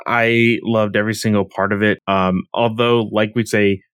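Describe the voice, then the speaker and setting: A man co-hosting a casual podcast about comics, relaxed and measured, laughing along with his co-host. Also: lowish voice, smooth, no echo, clean studio sound. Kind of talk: casual chat reviewing manga.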